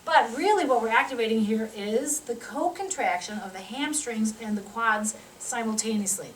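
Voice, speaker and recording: A woman, a physical therapy instructor, teaching a live demonstration and coaching a volunteer through an exercise with quick cues and encouragement. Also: on the high side, a little hiss or hum. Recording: roomy sound from a distant mic.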